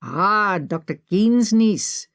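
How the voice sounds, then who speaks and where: A woman voicing a friendly Indian man with an Indian accent, speaking slowly and with formal politeness. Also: medium pitch, lively intonation, fairly bright tone, pitched above the performer's own voice, heavily acted. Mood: effusive. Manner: slow, effusive, formal politeness. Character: friendly middle-aged Indian man, a warm driver.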